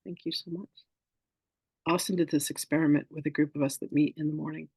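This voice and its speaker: A man with a fairly high, gravelly voice that carries some huskiness hosts a spiritual class over a video call. He talks casually, moves from teaching into stories, and acts out the people he quotes along the way. The sound is dry and close. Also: fairly quick, no room sound, poor audio. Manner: animated storyteller acting out quoted voices. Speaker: spiritual teacher hosting a masterclass.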